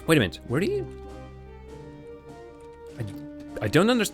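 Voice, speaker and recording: A man's voice: on the high side, wildly swooping pitch, unhurried, music in the background. A man streaming a game live, thinking aloud in casual commentary with frequent restarts.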